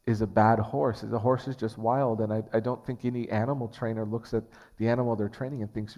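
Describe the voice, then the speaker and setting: A man's voice: lowish voice, fairly even intonation, fairly quick, a little mellow. A man preaching a sermon as pastor, earnest and conversational, often restarting his phrases. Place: church sanctuary. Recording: long church hall reverb.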